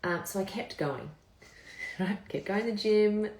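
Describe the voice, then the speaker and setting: A vlogger in her thirties chats candidly with viewers on a live vlog, telling her story casually and swearing freely. Her mid-range voice is a little slow and a little mellow, and the room sounds echoey.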